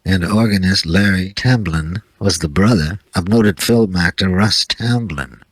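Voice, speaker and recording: A man's voice: low-pitched, a little slow, dry recording. A man hosting a radio music show, introducing records in a laconic, dry-witted scripted patter.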